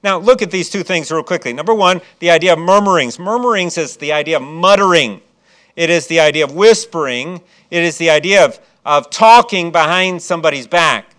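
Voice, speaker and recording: A man's voice: sits high, a bit bright, clean tone. A man from Chicago preaching a sermon as pastor, with folksy asides and frequent restarts.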